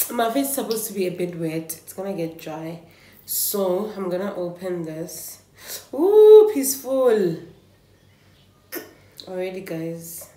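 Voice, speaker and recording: A young South African beauty vlogger chats casually and a little nervously to the camera at home, thinking out loud as she talks. Her voice is fairly low and mellow, and the room sounds echoey.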